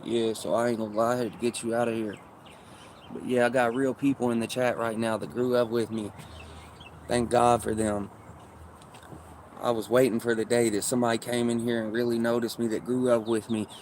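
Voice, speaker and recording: A man talking to his livestream chat in an unhurried, rambling way, full of profane street slang. His voice sits at an ordinary middle pitch, with a faint hum of room ambience behind him. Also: level tone, a little mellow.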